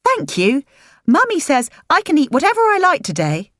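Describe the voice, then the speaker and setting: An eager little girl, as a woman reads her, pitched far up and lively. The sound is dry and close, with no room around it. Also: normal speed, no room sound, exaggerated voice. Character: young girl, eager granddaughter.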